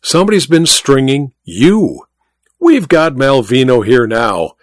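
A man's voice: medium pitch, sing-song, measured pace, dry recording, clean studio sound. A man voicing a boisterous, wealthy male mining magnate who banters and boasts heartily in a storybook reading. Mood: jovial.

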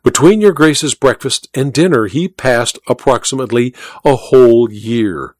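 A man's voice: mid-range voice, a little slow, a little mellow, dry recording, natural voice. A man voicing a suave, scheming colonel in an audiobook reading, deferential and precise. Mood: urbane. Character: scheming male colonel, suave courtly torturer. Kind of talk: audiobook character voice.

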